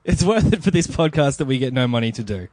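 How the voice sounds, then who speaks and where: A man's voice: medium pitch, very animated, fast, darkish tone, no room sound. A young man hosting a casual podcast, joking and self-deprecating. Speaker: podcast host.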